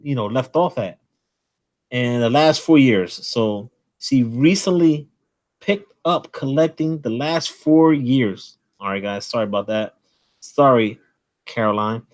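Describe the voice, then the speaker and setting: A man hosting a comic collecting channel, enthusiastically and nervously rambling through shout-outs to small creators. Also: mid-range voice. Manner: admits to nerves, pauses to breathe. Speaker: host. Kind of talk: casual channel shout-out monologue.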